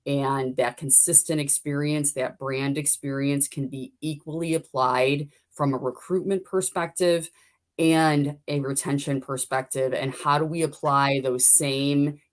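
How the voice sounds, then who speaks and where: A woman's voice: low voice, steady tone, measured pace. A woman guest on a business webcast, explaining her sessions in an upbeat, fluent way. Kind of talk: casual webcast chat.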